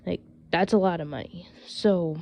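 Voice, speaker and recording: A woman's voice: fairly low pitch, normal speed, creaky, a little mellow. A woman telling a casual storytime vlog, rambling and exasperated, full of fillers. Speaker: vlogger.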